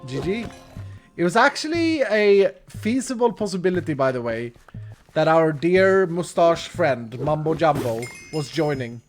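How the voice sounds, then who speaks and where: A man's voice: a little high, animated, unhurried, faint music behind. A man streaming a game live, chatting casually with his viewers, reading chat, thanking donors and laughing easily.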